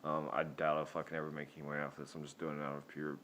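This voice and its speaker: Very deep-voiced young man, profane and rambling. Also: completely flat delivery, rapid-fire, a bit bright, a little hiss or hum. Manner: profane, rambling, laughs often. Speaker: vlogger. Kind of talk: casual storytelling. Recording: dull lo-fi sound.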